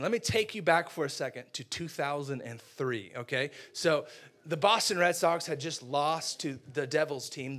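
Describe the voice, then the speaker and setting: A man in his twenties preaching a sermon, telling a funny personal story with animated, exaggerated outbursts. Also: on the high side. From United States. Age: 20s.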